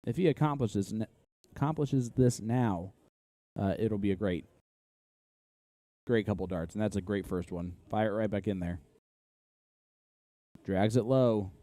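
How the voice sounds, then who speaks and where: A man's voice: lowish voice, unhurried, pauses often, dark tone. A man from Indiana with an Indiana accent giving casual, analytical play-by-play commentary on a live darts match.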